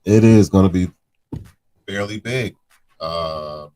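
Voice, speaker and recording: A man co-hosting a casual chat show, animated, often repeating words and laughing. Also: on the low side, normal speed. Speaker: co-host.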